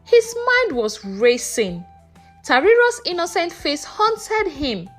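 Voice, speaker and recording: A woman narrating a folktale in a slow, expressive storytelling manner. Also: sits high.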